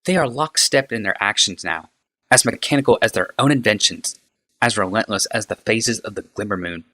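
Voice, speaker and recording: A man reading a novel aloud, voicing a sharp-tongued, uneasy woman who is quick to snap. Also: lowish voice, voice pushed up. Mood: bitter.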